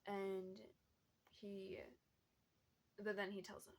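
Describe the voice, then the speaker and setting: A woman's voice: medium pitch, flat delivery, a little slow, a bit bright. A young woman chatting casually about what she's reading, rambling along with lots of fillers and small laughs. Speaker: book vlogger. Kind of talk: casual book chat.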